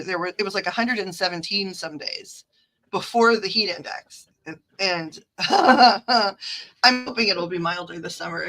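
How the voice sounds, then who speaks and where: A woman's voice: lowish voice, bright, forceful tone, poor audio. A woman with a Midwestern accent, chatting casually on a livestream, rambling through stories with lots of fillers and asides. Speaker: livestream card reader.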